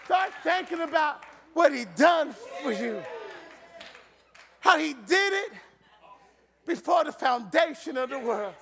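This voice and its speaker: A man preaching a sermon in a church, shouting and drawing the congregation into call-and-response. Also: extremely high pitch, animated, takes it slowly, vocal fry, long pauses, some chatter behind.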